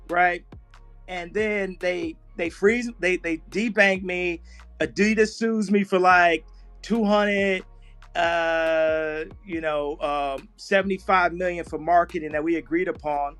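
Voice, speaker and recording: A man's voice: high voice, fairly even intonation, measured pace, fairly bright tone, soft background music. A man as a podcast guest in casual conversation, telling rambling stories and acting out the voices of the people in them.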